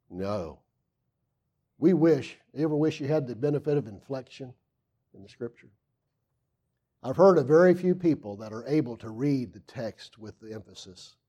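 A man preaching a sermon, reading scripture aloud and asking the congregation questions, swinging from loud emphasis to hushed asides. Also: medium pitch, lively intonation, unhurried, pauses often.

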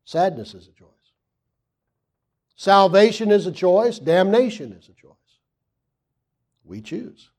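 A man preaching a sermon, reading scripture aloud and asking the congregation questions, swinging from loud emphasis to hushed asides. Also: high-pitched, sing-song, slow pace, long pauses.

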